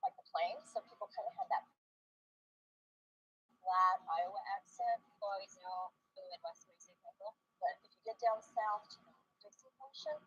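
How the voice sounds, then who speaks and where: A woman's voice: medium pitch, wildly swooping pitch, normal speed, a bit bright, breathy edge. A woman explaining things to the camera in a breezy, easy way, heard from a replayed video. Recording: slightly dull replayed video audio.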